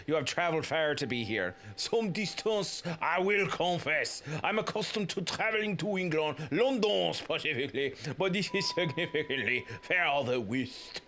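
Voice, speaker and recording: A man's voice: a little high, a bit bright, slight background noise. A man putting on a hammy French academic. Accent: put-on French. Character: French male academic, polite and curious.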